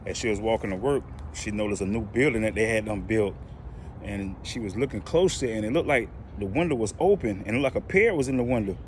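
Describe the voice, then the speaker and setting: Lively man telling a joke. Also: fairly low pitch, fast talker, a little hiss or hum. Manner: relaxed, colloquial, lively delivery. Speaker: joke teller. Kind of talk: casual storytelling.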